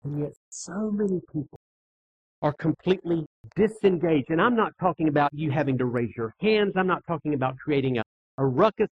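Earnest preacher, slightly husky voice. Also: male voice, a little high, lively intonation, highs cut off. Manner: earnest, measured preaching with pauses for emphasis. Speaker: pastor. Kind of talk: sermon. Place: church sanctuary, on stage.

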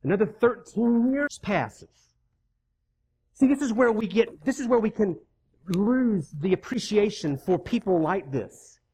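Preacher doing a sermon, punchy repeats, chatty asides to the crowd, reads the verses out loud. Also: medium pitch, animated, measured pace, vocal fry, slight background noise. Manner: emphatic, repeats key words for effect; reads scripture aloud and acts out the characters' lines.

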